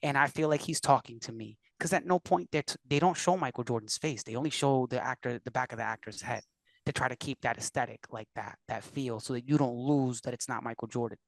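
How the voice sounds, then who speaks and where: A man's voice: medium pitch, a little fast, vocal fry, no echo. A man from Puerto Rico, a musician and producer, telling stories animatedly as a podcast guest. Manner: animated storyteller, acts out quotes. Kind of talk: casual interview conversation.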